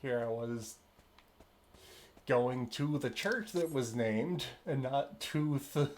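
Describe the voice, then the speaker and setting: A man's voice: medium pitch, animated, slow pace, a little mellow, slight background noise. A man streaming a game and making wry, amused remarks as he plays. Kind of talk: gameplay commentary. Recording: music playing behind.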